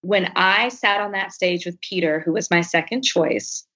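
A woman's voice: lowish voice, normal speed. A woman guest on an interview podcast, telling a personal story candidly and animatedly, acting out the lines of other people. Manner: animated, acts out quoted speech. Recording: dull lo-fi recording.

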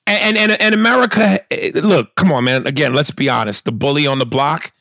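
Gravelly podcast host, reading and riffing. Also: male voice, on the high side, brisk, no room sound. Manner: animated, laughs often, stammers when excited. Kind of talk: casual chat.

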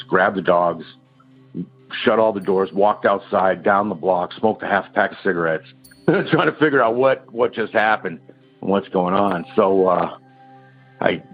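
A deep-voiced man tells a long personal story as a caller, stumbling through restarts and fillers. His voice is husky and low. The recording is muffled and lo-fi, with faint music behind him. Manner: rambling, halting, many restarts and fillers. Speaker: caller telling a ghost story. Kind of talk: casual phone-in storytelling.

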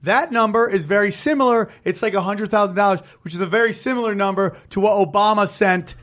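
High-voiced guy ranting on a podcast, cussing nonstop, all over the place. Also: quick pace, fairly bright tone. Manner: heated, rambling, swears constantly. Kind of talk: casual profane chat.

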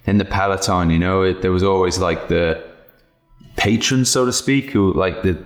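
Male podcast host, low-pitched, loose storyteller who swears, in a roomy space. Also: normal speed, faint music behind. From Wales. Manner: jokey, swears freely, tells anecdotes. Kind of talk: casual podcast chat.

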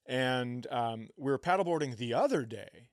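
A man's voice: medium pitch, expressive, normal speed, no room sound, studio quality. A man co-hosting a comedy podcast, telling a story in casual chat, laughing often and swearing freely. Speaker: podcast co-host.

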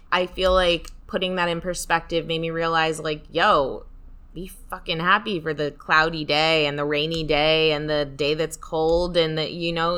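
Bright-toned young woman chatting casually. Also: low-pitched, clean tone. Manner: rambling, filler-heavy, emphatic. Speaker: podcast co-host. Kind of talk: casual chat.

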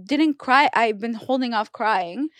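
High-voiced woman telling a candid story. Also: a little slow, no room sound. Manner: expressive, swears freely, laughs through her story. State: losing hearing in one ear. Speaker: podcast guest. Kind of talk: casual chat, candid storytelling.

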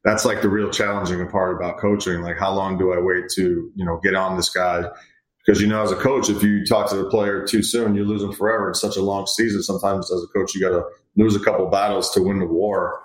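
A middle-aged hitting coach chats casually in an interview, relaxed and rambling a bit as he tells stories about players and acts out what they said. His deep voice moves a little fast, and the room sounds echoey.

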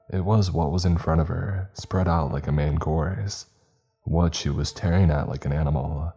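A man reading a horror story aloud in a measured, dramatic first-person narration. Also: rumbling low, mellow, slightly rough.

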